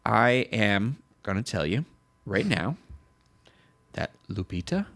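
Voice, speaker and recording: A man co-hosting a casual pop-culture news show, rambling and correcting himself, with his voice jumping higher when he gets excited. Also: takes it slowly. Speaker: podcast co-host.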